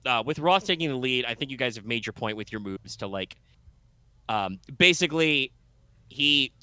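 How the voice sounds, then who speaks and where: A man's voice: mid-range voice, expressive, moderate pace, bright, forceful tone, smooth, no echo. A man narrating a tabletop game as game master, rambling with many fillers and restarts.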